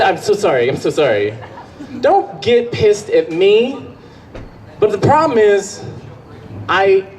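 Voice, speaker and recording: A man from Colorado doing live stand-up comedy on a club stage, rambling, profane and self-mocking. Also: fairly high pitch. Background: audience laughter.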